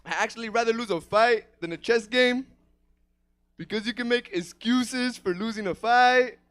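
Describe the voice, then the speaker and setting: Very high-voiced smooth male comic. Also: normal speed. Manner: deadpan punchlines, slangy. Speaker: stand-up comedian. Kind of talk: stand-up set. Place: comedy theater stage.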